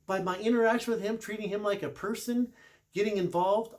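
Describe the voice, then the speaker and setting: A man's voice: high voice, normal speed. A middle-aged man and car shop service manager telling a story in a casual, chatty way, correcting himself and laughing a little as he goes.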